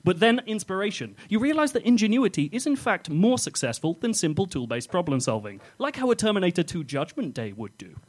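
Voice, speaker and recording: Male comic storyteller: playful, animated, higher than average, keeps laughing. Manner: playful, often breaking into laughter. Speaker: podcast host reading his own comic story. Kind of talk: comic second-person narration.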